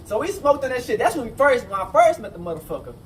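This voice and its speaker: A man casually telling a rambling, profane story, full of fillers and restarts. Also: fast talker. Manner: rambling, animated, profane, repeats "you know what I'm saying". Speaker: storyteller recounting a jail fight. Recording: distant mic with faint rumble.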